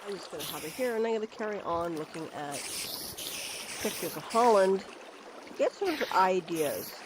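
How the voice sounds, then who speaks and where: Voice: medium pitch, expressive, moderate pace. A streamer from Canada giving casual gameplay commentary, rambling and giggling while thinking aloud. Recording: loud constant background noise.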